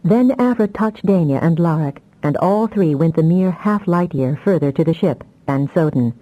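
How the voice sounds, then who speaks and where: A woman reading fantasy audiobook narration in a measured, even storytelling manner. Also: lowish voice, muffled recording. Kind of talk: scripted narration.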